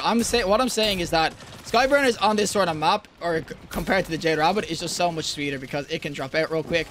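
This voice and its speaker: Young male gaming creator, high voice, hyped and slangy live commentary to viewers. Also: quick pace, hardly any pauses, a little hiss or hum. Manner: excitable, slangy, talks straight to viewers, bursts into yells and laughter.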